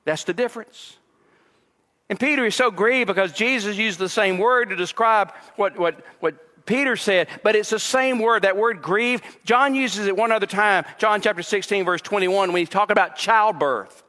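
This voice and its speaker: A man, a pastor, preaching an expository sermon, mixing scripture with personal stories and rising in pitch when he presses a point. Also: normal speed, sharp tone, long reverb tail.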